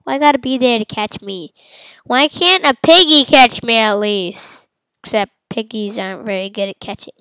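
A woman giving silly, playful commentary while playing a game, with sudden loud outbursts. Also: on the high side, moderate pace, clear, resonant tone, no echo, low-quality recording. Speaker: gamer. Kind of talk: casual let's-play commentary.

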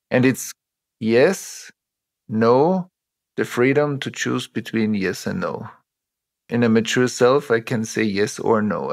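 Middle-aged male guest, mid-pitched, measured and reflective; draws on personal examples. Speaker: interview guest, trauma teacher. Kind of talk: reflective interview talk.

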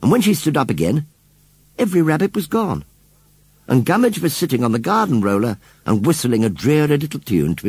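Husky, highly animated storybook narrator, male. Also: dry recording. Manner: expressive storytelling, sinking softly for hushed moments. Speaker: audiobook narrator.

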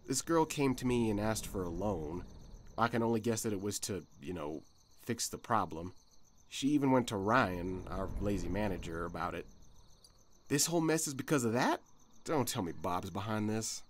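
A nervous young man answers a police officer's questions in a lively, rising and falling voice, with faint clicks and crickets behind him. A man reads his lines aloud. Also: fairly low pitch, moderate pace, slight background noise, close to an everyday voice. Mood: worried. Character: worried young man, a witness's brother.

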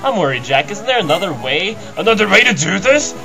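A man voicing a gentle, worried ragdoll woman from a video game, soft and concerned, with game music behind him. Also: high voice, big pitch swings, a little fast, gravelly, voice pushed up, heavily acted.

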